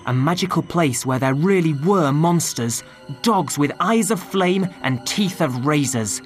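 A woman narrating a storybook in an expressive reading style, recorded close. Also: sits low, a little slow, over music. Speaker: audiobook narrator.

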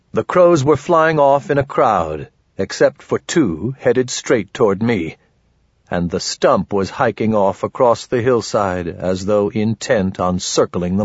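A man narrating an audiobook in first person with a dry, grumbling, wry manner and a husky voice. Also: on the low side, no room sound, highs cut off.

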